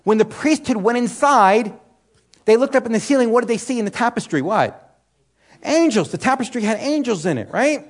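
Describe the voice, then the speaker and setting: Speaking at an extremely high pitch, this man teaches a sermon expressively and at a moderate pace. The Bible teacher keeps it conversational, putting questions to the room and answering them himself, often saying "you know" and restarting sentences.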